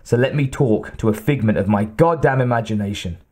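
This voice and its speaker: Male narrator as hard-nosed homicide detective, audiobook, blunt and quietly menacing, dark mellow tone. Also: fairly low pitch, fairly quick, lightly acted. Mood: grim.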